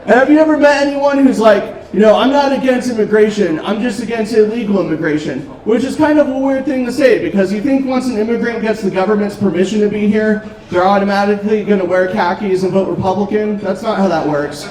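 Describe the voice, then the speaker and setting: A man doing a stand-up set, telling dark jokes in a deadpan way with frequent ums, on a restaurant comedy stage. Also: high voice, quick pace, few pauses. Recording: roomy club, distant mic, crowd noise. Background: audience laughter.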